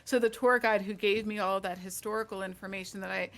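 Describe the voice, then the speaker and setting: A woman author in her forties talks in a loose, chatty way, a faint Delaware County accent still showing under her words. She laughs easily and keeps her sentences quick and rambling. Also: mid-range voice, steady tone, fairly bright tone. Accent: faint Delco Philadelphia-area. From Delaware County, Pennsylvania. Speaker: guest author. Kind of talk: casual chat.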